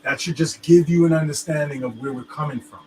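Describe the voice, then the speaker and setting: A man's voice: a little high, a little fast. Man explaining loosely, faint room hum. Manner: loose, filler-heavy explaining, keeps checking "you understand me?". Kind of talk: casual chat.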